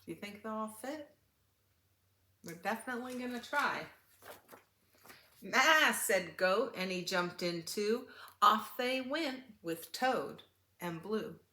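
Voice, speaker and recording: An older woman reading a picture book aloud to children, animated and asking them questions. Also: medium pitch, a little slow, roomy sound. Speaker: children's story reader.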